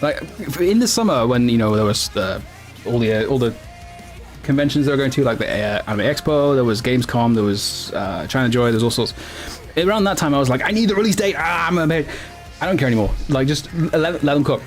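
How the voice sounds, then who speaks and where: A man chats with viewers on a casual livestream, answering them in a rambling, self-correcting style and laughing often. His medium-pitched voice is expressive and fairly quick, with faint music in the background.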